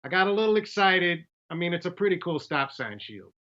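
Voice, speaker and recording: A tabletop game player talks casually, tripping over words and circling back. The voice is bright and clear in tone. The audio is dull and lo-fi, like a streamed call. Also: medium pitch, big pitch swings, a little fast. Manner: rambling, stumbling over words.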